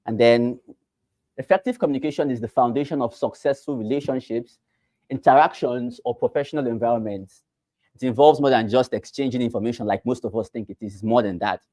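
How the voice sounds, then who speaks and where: Nigerian man, class instructor, warm low timbre, rhetorical questions, repetitive emphasis. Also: a little fast, no echo. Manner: repeats phrases and asks the class rhetorical questions. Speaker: real estate trainer. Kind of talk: teaching a class.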